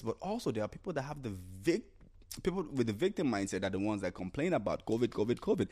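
A man's voice: mid-range voice, animated, quick pace, mellow. A man hosting a solo podcast, talking casually about mindset and acting out imagined inner voices with repeated phrases. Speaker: podcast host.

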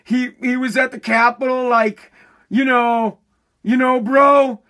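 A man's voice: extremely high pitch, steady tone, slow, bright, forceful tone, full character voice. A man voicing an eighteen-year-old boy who calls the authorities on his father, rambling and stammering in slang.

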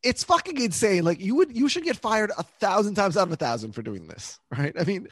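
A man in casual podcast chat about a television episode, his voice leaping around in pitch as he gets worked up. He laughs easily and keeps correcting himself mid-thought. The sound is close and dry, with no room around it. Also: fairly quick, dry recording. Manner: animated, laughs often, self-correcting asides. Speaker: podcast co-host.

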